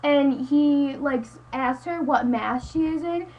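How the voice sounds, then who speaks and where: A woman's voice: high-pitched, slow pace, a little mellow, muffled recording. A teenage girl ranting into her webcam at home, rambling and exasperated, saying "like" constantly. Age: teens. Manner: exasperated, rambling, heavy use of "like". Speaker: high school student vlogger.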